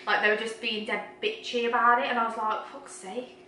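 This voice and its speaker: A woman's voice: a little high, level tone, fast, pushed and bright, recorded from a distance, slight background noise. Blunt, swearing woman in an echoey room. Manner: blunt, swears freely, laughs as she talks. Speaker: guest friend. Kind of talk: casual storytelling chat.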